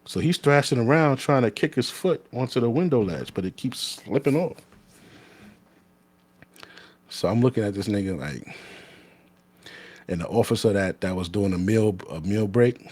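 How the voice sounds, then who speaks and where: Blunt, profane New man, low dry voice. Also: darkish tone, no echo. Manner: blunt, profane, restarts his sentences. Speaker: former corrections officer. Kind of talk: casual storytelling.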